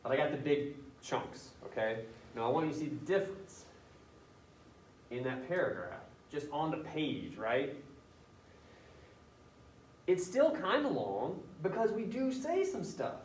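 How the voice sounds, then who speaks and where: A man's voice: a little high, very animated, measured pace, long pauses, a little mellow, a little hiss or hum. A male teacher running a casual writing lesson, thinking aloud as he edits a student paper. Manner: casual, chatty, thinking aloud while editing. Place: classroom. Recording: roomy classroom picked up from a distance.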